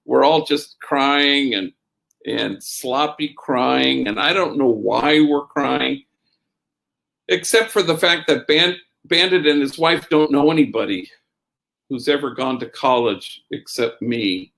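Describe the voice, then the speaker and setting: Gravelly-voiced man telling a story. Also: mid-range voice, slow pace. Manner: tells stories with Spanish slang phrases mixed in; quotes others in a raised, lively voice. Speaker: priest and speaker. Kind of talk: storytelling talk.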